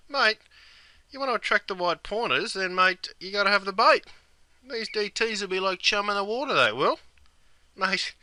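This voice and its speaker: A brash, laid-back Australian bloke, as a man acts him out, tosses "mate" and "bloody" into everything he says. His voice is piercingly bright and forceful, with a broad Australian accent, and he delivers comic slang lessons with plenty of bluster. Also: high-pitched, clean tone, heavily acted. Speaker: slang teacher. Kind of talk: comic skit and explainer.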